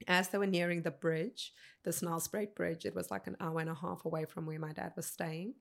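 A woman in her thirties, a podcast guest telling a personal story in an earnest, unhurried way. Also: fairly low pitch, steady tone, vocal fry. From South Africa. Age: 30s.

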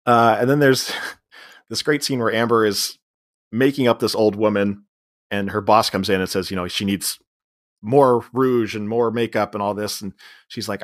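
A man's voice: lowish voice, steady tone. A man co-hosting a podcast, casually recapping a comedy film's plot and mimicking characters' lines. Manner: recounts plot, acting out lines in quick voices. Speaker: podcast co-host. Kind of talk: casual movie recap chat.

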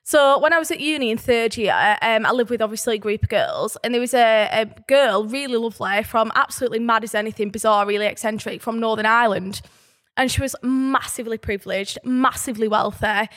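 Burnley lass chatting on a podcast, high voice, lively storyteller. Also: female voice, brisk. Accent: Burnley, Lancashire. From Burnley, England. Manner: animated storyteller, reads out facts. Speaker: podcast co-host. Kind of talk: casual podcast chat. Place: indoors on a sofa.

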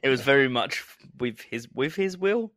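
A man's voice: medium pitch, expressive, normal speed, a bit bright, dry recording, clean studio sound. A man co-hosting a podcast, chatting casually and laughing often. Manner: jokey, laughs often, drawling asides. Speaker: podcast co-host. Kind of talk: casual chat. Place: home recording space.

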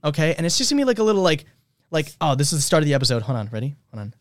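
A man's voice: fairly high pitch, very animated, very fast, noisy background. Rambling young man podcast host. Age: young adult. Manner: rambling, filler-heavy, upbeat. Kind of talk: casual chat.

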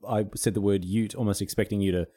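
A man's voice: lowish voice, fairly even intonation, quick pace, warm tone. An Australian man co-hosting a podcast, chatting casually, explaining things patiently and joking along. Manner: explains carefully, playful, breaks into laughter. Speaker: podcast co-host. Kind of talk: casual chat.

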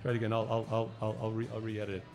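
A man's voice: on the low side, completely flat delivery, rapid-fire, music in the background. A man co-hosting a casual talk show, bantering and joking with his co-host. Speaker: podcast co-host. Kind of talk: casual chat.

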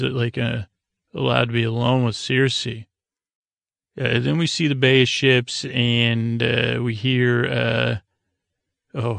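Halting recap host, man, gravelly and dry, lots of "uh"s. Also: medium pitch, a bit bright, no echo. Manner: halting, many "uh"s and restarts, loosely quoting characters. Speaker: podcast host recapping a TV episode. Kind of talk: rambling casual recap.

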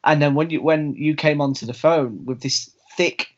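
A man's voice: a little high, normal speed, highs cut off. A man, hosting a casual chat with an eager, stumbling flow. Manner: chatty, stumbling restarts. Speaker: host.

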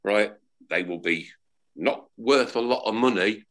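A man's voice: fairly low pitch, unhurried. A middle-aged man, chatting as a panelist on a football fan podcast, telling stories and often asking "right?". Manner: animated, storytelling, keeps asking "right?". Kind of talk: casual chat.

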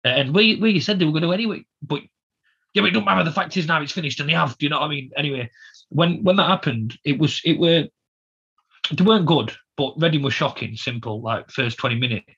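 Fast-talking ranting man. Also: a little high, vocal fry, a bit bright, breathy edge. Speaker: podcast co-host. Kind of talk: passionate football fan chat. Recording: dull lo-fi podcast audio.

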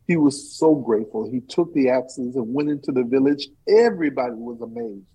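A man who is a storyteller and teaching artist, talking in an interview and performing a tale in an animated, playful way. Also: medium pitch, moderate pace, breathy edge, low-quality recording. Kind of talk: interview chat and live storytelling.

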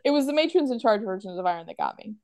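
A woman's voice: medium pitch, expressive, very fast, a little mellow, no echo. A woman hosting a podcast quiz among friends, talking casually, laughing often and acting out quoted lines. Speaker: podcast host running a quiz. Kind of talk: casual chat between friends.

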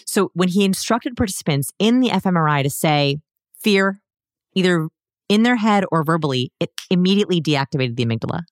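A woman with a notably low voice talks animatedly, explaining her points and slipping into quick quoted voices. The sound is dry and close, with no room around it. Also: animated, no room sound. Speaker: guest expert on body language. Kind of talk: casual podcast conversation.

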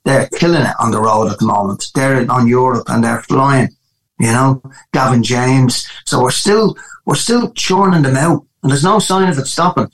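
A man from Ireland with a Dublin accent, a guest musician telling animated stories in a casual interview, with frequent restarts. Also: medium pitch, normal speed, poor audio. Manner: animated storytelling with many restarts.

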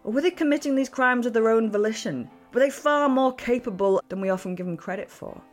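A woman hosting a history podcast, telling the story in a playful, animated way. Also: on the high side, brisk, soft background music. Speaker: podcast host. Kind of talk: chatty podcast narration.

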